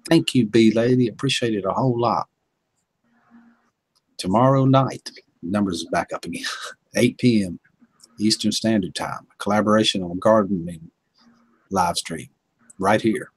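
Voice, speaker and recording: A man's voice: lowish voice, husky, dry recording. A man hosting a casual home livestream, chuckling often and greeting chat viewers by name. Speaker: livestream host.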